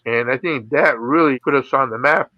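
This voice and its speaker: A middle-aged Filipino man, a radio DJ appearing as an interview guest, tells his stories casually, laughing often and saying "you know" a lot. His voice sits at medium pitch and moves at normal speed, with the high frequencies cut off.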